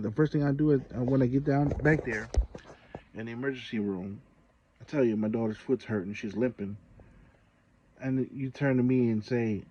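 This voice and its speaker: Husky man venting in a casual vlog. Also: mid-range voice, normal speed, lo-fi sound. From Samoa. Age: adult parent. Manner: indignant, exasperated storytelling with rising outbursts; frequent fillers and restarts, conversational. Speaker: channel host.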